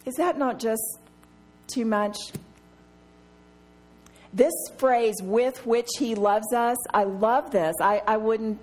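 A woman's voice: a little high, slow pace. Earnest middle-aged woman teaching scripture. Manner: earnest and emphatic, repeats key phrases. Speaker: women's Bible study teacher. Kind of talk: Bible study teaching.

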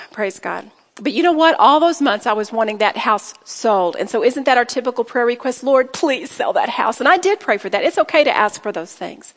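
A woman's voice: on the high side, animated, fairly quick, few pauses, a bit bright. A woman teaching a women's Bible study, earnest and exhorting, often acting out sample prayers aloud. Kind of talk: sermon. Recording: hall reverb.

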